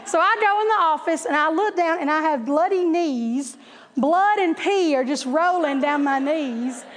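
A woman with a very high voice tells a comic personal story to a crowd, animated and laughing as she acts out every voice. Her words ring out with a long reverb from a large hall. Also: moderate pace, noisy background. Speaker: teacher telling a story to an audience.

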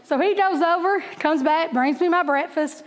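A middle-aged woman, teaching a Bible class through chatty, animated stories with laughing asides. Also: very high-pitched, moderate pace, long reverb tail. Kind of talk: storytelling Bible lesson.

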